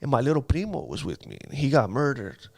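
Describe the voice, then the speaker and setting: A man's voice: medium pitch, huge pitch swings, brisk, creaky, darkish tone, no echo, studio quality. A man telling his life story in a casual interview, using street slang and acting out sounds.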